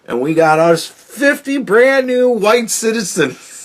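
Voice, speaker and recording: A man's voice: very high-pitched, expressive, takes it slowly. A young man hosting a podcast, ranting bluntly about politics with heavy swearing and laughing at his own jokes. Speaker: podcast host. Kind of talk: profane political rant.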